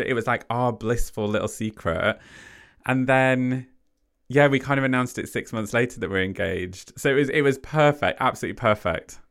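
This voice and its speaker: A man with a lowish voice tells a personal story as a guest. He talks in an animated way and acts out what people said. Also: clear, resonant tone.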